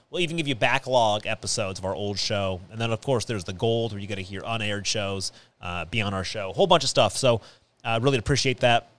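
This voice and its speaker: A man's voice: mid-range voice, fairly bright tone. A man hosting a podcast in a small studio, chatting casually and rambling with many fillers and restarts. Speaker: podcast host. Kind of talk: casual chat.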